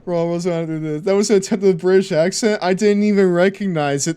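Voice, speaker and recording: A male streamer excitedly joking and reacting to a wrestling game while talking to his chat. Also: high-pitched, fast, clean tone. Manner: excitable, jokey, talks to chat. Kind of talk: casual game stream commentary.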